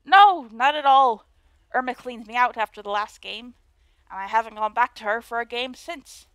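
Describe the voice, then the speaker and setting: A woman voicing a very old male castle guard with a put-on Cockney accent, gruff, foggy but capable. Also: on the high side, moderate pace, fairly bright tone, no room sound, lightly acted. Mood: weary.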